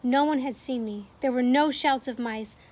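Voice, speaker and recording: Teacher lady reading a book to her class from home, pretty high voice. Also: normal speed, darkish tone. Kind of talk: reading a novel aloud to a class.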